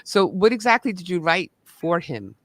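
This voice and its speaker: Effusive host, dry close sound. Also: male voice, high voice, big pitch swings, no room sound. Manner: chatty, quick to laugh, effusive. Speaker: show host. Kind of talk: casual interview.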